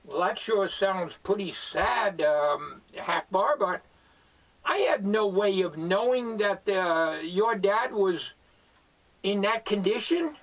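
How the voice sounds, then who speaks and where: A man hosting a homemade comedy skit. He speaks politely in a fairly high voice, stalling with ums and uhs. He sits back from the mic. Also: animated, slow pace, a bit bright. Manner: hesitant, polite, many fillers. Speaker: host. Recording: voice far from the mic.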